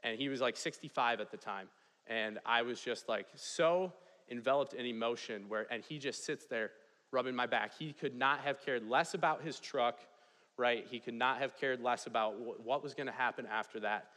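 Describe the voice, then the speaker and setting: A man's voice: medium pitch, moderate pace, bright, forceful tone. A young man giving a chapel talk, telling a story with energy and asking "right?" often. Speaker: chapel speaker, residence hall director. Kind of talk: storytelling sermon. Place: large chapel hall. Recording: long hall reverb.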